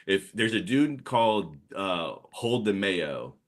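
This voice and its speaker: A man's voice: low-pitched, slow pace. A man in his thirties with a New Orleans Yat accent, telling stories in casual podcast chat with lots of fillers. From New Orleans area. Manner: rambling, animated storytelling with many fillers. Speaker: comics artist guest.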